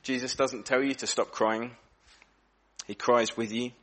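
Male preacher, mid pitch, earnest sermon delivery, shifts pace and volume to stress points. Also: flat delivery, unhurried, fairly bright tone. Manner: earnest, reflective, varies pace and volume for emphasis. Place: church.

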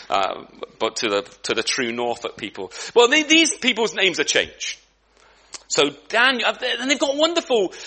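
A man preaching a sermon in a conversational way, full of restarts and asides, with lively emphasis, in a church. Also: high voice.

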